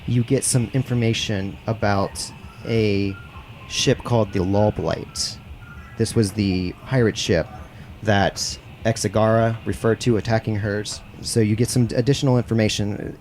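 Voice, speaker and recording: A man running a tabletop game as game master, explaining in a relaxed way with plenty of fillers. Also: on the low side, a little hiss or hum.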